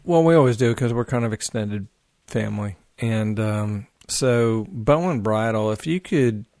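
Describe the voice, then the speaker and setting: A man guesting on a podcast, telling a long casual story in a rambling, animated way full of fillers and swearing. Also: lowish voice, measured pace, no room sound, studio quality.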